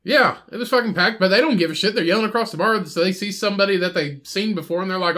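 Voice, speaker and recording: High-voiced man telling a rowdy bar story. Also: fast talker, few pauses, pushed and bright. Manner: profane, rambling, acts out other people's voices. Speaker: podcast host. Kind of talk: casual storytelling chat.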